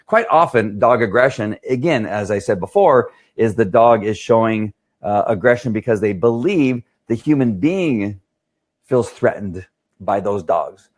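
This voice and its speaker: This middle-aged dog trainer fields questions in a relaxed conversation, regularly checking in with a "right?" His fairly low voice is animated, and he speaks at a measured pace, keeping things chatty.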